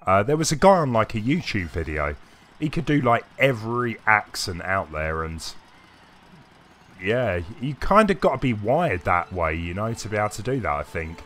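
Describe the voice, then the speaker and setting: A man's voice: lowish voice, very animated, moderate pace, a bit bright. Chatty man streaming a game. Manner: chatty and rambling, with frequent hesitations. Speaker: gaming streamer. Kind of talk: casual live-stream commentary reading chat. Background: faint game music.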